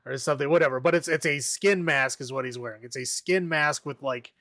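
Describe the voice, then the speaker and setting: A man's voice: mid-range voice, a little fast, bright, forceful tone, dry recording, clean studio sound. A man casually recapping a horror movie on a podcast, rambling, laughing often and acting out the characters' lines. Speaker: podcast co-host.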